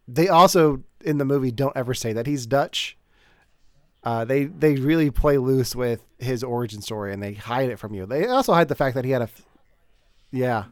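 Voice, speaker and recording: A man's voice: medium pitch, no echo, clean studio sound. A man hosting a podcast in casual chat, steering the talk in a rambling way and laughing as he goes. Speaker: podcast host.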